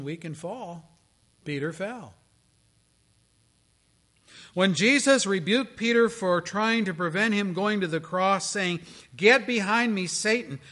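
A man, a pastor, preaching a sermon with dramatic storytelling delivery that swings between hushed tones and strong proclamation. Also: sits high.

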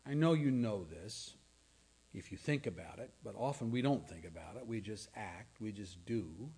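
A man's voice: on the low side, lively intonation, moderate pace, dark tone, slightly rough. A male pastor preaching a sermon, earnest and questioning, sometimes dropping to a near-whisper for emphasis.

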